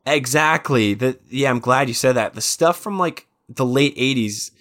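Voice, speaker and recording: A man's voice: medium pitch, normal speed, a bit bright. A man in his thirties co-hosting a podcast, telling stories in a rambling way with quoted asides. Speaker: podcast co-host. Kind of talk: casual chat.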